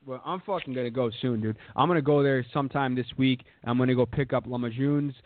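A man's voice: medium pitch, fast, no echo. A young man hosting a podcast in crude, rambling casual chat, cursing and saying "dude" constantly. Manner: profane, rambling, says "dude" a lot. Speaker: podcast host. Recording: dry, phone-like lo-fi audio.

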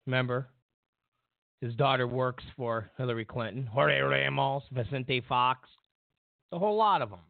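A political commentary show host rambles with many fillers and restarts, mockingly mimicking others. His gravelly, medium-pitched voice is unhurried, and the sound is dry and tinny, like a phone, with no echo.

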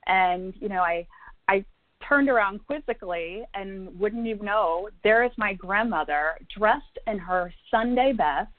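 A woman's voice: mid-range voice, lively intonation, unhurried, dry recording. A woman from Indiana, a psychic medium guest, telling a personal story in an interview with fillers and laughs. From Indiana, USA. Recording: tinny phone-like line, dry.

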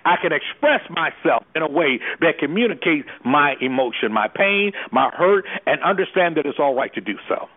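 A man's voice: on the high side, animated, moderate pace, few pauses. A man who works as an anger management specialist, speaking with preacher-like fervor and throwing out rhetorical questions. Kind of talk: impassioned talk on a call-in discussion. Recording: tinny phone line.

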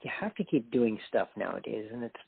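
Husky-voiced guest on a tinny call. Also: male voice, lowish voice, lively intonation, fairly quick, no room sound. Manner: earnest, rambling with many restarts. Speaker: guest musician. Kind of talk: casual interview chat. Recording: tinny phone-like call audio.

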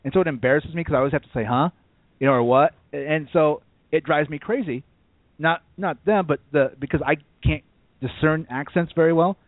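A man's voice: a little high, fairly quick, no echo. A man co-hosting a sports talk show, arguing his opinions in casual chat. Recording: dry, tinny phone-like audio.

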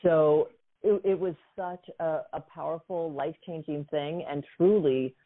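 A woman in her fifties, a guest coach and author, telling a personal story in a lively way with many "you know" fillers. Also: deep voice, measured pace. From United States. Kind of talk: storytelling in a conversation. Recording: phone-like narrow sound.

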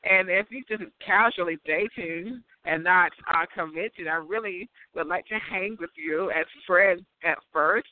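A man with a high voice talks in a loose, rambling monologue. He giggles and breaks into high laughs as he goes. The recording sounds narrow and tinny, like a phone call. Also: measured pace, few pauses.

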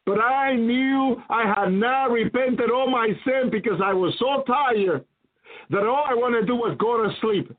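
A man's voice: extremely high pitch, a little slow. A man giving a fervent sermon testimony and prayer, pleading and repeating his words. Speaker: preacher. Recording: tinny phone-like recording.

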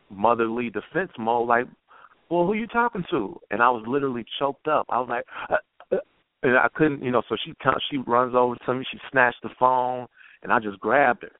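A man guest telling a personal story in an earnest, halting way, with many restarts, heard over a tinny phone line. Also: mid-range voice, dry recording. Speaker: guest poet.

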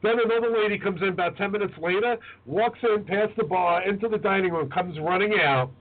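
Male chef co-host, lively anecdote-teller, high voice, lo-fi phone sound. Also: a little fast. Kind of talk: casual chat.

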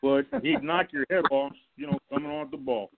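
A man, a former football coach, calling in to a radio show and telling lively stories about his old players and staff. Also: extremely high pitch, normal speed, creaky, noisy background. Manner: animated storyteller, acts out quotes, laughs along. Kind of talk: telling anecdotes on a call-in show. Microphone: telephone. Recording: tinny phone line.

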